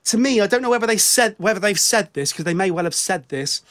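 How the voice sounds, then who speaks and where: Animated, high-voiced British man rambling. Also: fast talker. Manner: rambling, self-mocking, full of restarts and "right". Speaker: podcast co-host. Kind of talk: casual album review chat.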